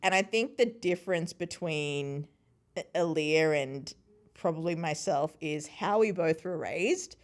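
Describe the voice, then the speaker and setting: Her voice sits low and runs a little slow: she's a woman in her thirties with a Sri Lankan family background, guesting on a podcast, though she's also a podcast host in her own right. The talk is easygoing storytelling, full of animation, impersonated quotes, and frequent laughter.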